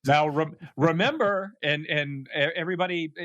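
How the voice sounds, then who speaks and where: A man's voice: on the high side, animated, normal speed, a bit bright, no room sound, muffled recording. A man speaking as a guest expert in casual chat, rambling with self-deprecating humor.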